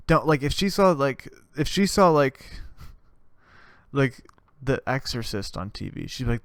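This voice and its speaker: A man's voice: mid-range voice, expressive, normal speed, a bit bright, no echo. A young man hosting a comedy podcast, delivering a sarcastic, profane rant with mock-preaching bursts. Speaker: podcast host.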